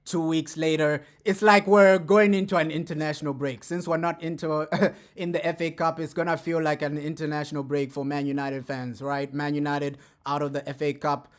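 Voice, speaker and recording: A man giving casual fan commentary as a streamer reacting to clips, talking in a chatty way and tagging his sentences with quick asides. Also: on the high side, level tone. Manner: chatty, keeps adding "bro" and "right?".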